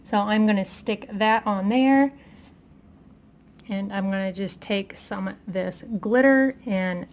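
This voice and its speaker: A woman's voice: mid-range voice, slow pace. A woman chatting casually through a craft tutorial, talking to herself as she works, self-deprecating and a little out of breath.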